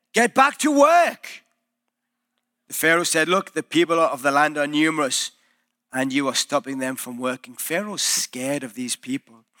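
A male pastor preaching a sermon in a church, telling the story in a lively way and acting out the quoted voices. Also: high-pitched.

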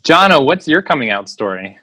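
A man's voice: a little high, sing-song, a little fast, sharp tone, no echo. A man hosting a casual chat, reacting to stories and asking questions.

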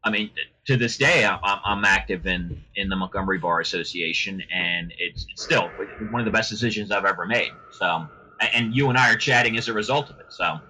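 A middle-aged male lawyer chats as a podcast guest, circling through stories with frequent restarts. His voice has a bright, forceful edge. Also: lowish voice, fairly quick, slight background noise, rough recording. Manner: chatty, rambling with many restarts. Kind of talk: casual podcast interview.

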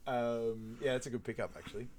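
A man's voice: mid-range voice, steady tone, brisk, darkish tone, a little hiss or hum. A man casually recapping a comedy film as a podcast co-host, rambling and quoting lines with frequent laughter.

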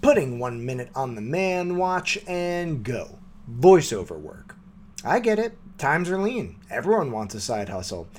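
A man's voice: medium pitch, sing-song, a little slow. A man delivering a short comedy segment as a dry, confident, lecturing monologue. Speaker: segment host. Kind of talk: mock-serious comedy monologue.

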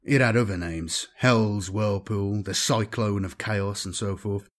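A man giving a measured, dramatic scripted narration of a science-fiction audiobook. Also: lowish voice, fairly even intonation.

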